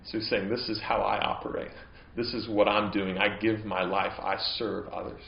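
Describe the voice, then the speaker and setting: A man's voice: lowish voice, flat delivery, normal speed, vocal fry, reverberant, muffled recording. A man preaching a sermon as pastor, earnest and growing impassioned at times. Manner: earnest preaching, voice rising into emphatic, impassioned stretches. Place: church.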